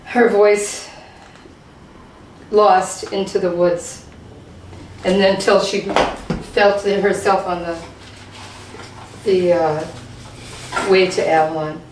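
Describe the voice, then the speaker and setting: A woman reading a novel passage aloud to a group in a steady, unhurried way. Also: lowish voice, background noise. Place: lecture room. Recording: roomy hall, voice from far off.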